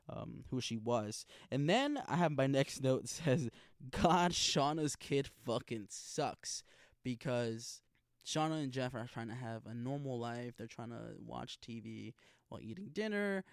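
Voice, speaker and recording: A man's voice: medium pitch, a little mellow, no room sound. Young man, casual recap, slangy and profane, rambling, dry close mic. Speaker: podcast host reviewing a TV episode.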